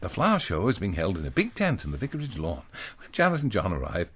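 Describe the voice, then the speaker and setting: A man's voice: sits low, wildly swooping pitch, fast talker, slightly rough. A man reading a parody children's story aloud in a mock-earnest, playful manner.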